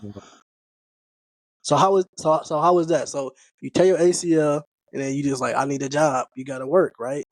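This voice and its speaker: A man with a Midwestern American accent hosts a podcast interview, his voice a touch higher than most men's. He asks questions in a relaxed, slangy, conversational way, and the close-mic recording is dry. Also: moderate pace, dry recording. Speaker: podcast host. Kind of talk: casual interview.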